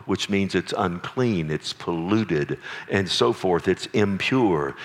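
A man's voice: sits low, expressive, slow pace. A man preaching a sermon as pastor, earnest and emphatic, with frequent restarts and light asides to the congregation. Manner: jokes with the congregation. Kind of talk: sermon teaching.

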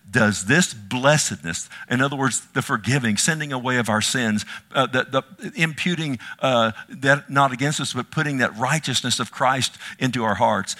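Male pastor mid-sermon; bright, tense delivery, emphatic with rhetorical questions. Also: medium pitch. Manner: emphatic, swings from hushed to loud, rhetorical questions to the congregation.

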